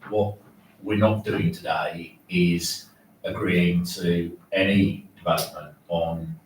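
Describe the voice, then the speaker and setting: Deep-voiced councillor, echoey room. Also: male voice, fairly even intonation, slight background noise. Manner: measured, hesitant restarts. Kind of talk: council meeting debate. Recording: echoey chamber, distant mic.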